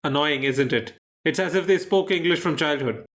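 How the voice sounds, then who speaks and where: A man co-hosting a quiz podcast in casual chat, explaining answers with dry, teasing humor and thoughtful pauses. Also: a little high, fairly bright tone. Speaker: quizmaster co-host.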